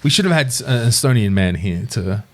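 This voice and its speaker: A man hosting a casual studio podcast, telling stories in an animated, swearing-laced way. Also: on the low side, brisk. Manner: animated storytelling, swearing freely. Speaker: podcast host.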